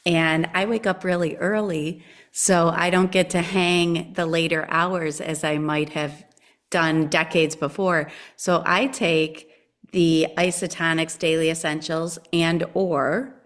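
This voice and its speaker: A woman's voice: lowish voice, steady tone, takes it slowly, a bit bright. A woman attending an online talk, sharing a casual thought in a hesitant, polite way. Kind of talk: casual chat.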